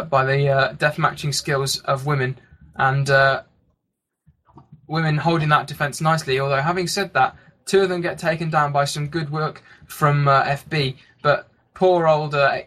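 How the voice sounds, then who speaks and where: A man commentating a live online game match, talking quickly with lots of fillers. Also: a little high, bright, forceful tone. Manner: rapid play-by-play with frequent fillers. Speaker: esports commentator.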